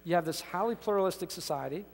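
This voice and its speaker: A man's voice: high voice, fast talker, creaky. A man preaching a sermon as pastor, emphatic and conversational, often restarting his sentences. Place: church sanctuary. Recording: reverberant church hall.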